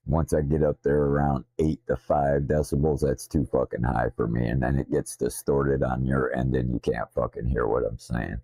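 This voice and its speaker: A very deep, gravelly man with a Southern drawl rambles bluntly and profanely into his desktop streaming mic. His voice is dark and a little slurred, and the sound is dry and close. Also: dry recording. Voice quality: deep, slightly slurred from missing teeth. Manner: profane, blunt, self-deprecating. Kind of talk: casual rambling stream talk.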